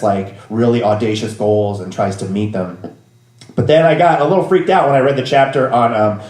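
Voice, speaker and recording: A man in his thirties with a mid-range, darkish voice performs as a live comic storyteller in a roomy venue. Rambling, wry and self-deprecating, he keeps bursting into exasperated rants.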